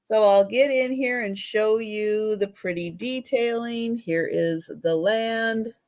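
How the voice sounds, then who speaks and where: A woman's voice: on the high side, darkish tone, no echo, rough recording. A woman on a live vintage sale describing a painting she is selling. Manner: slow, explaining and correcting pronunciation. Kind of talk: showing items on a live sale.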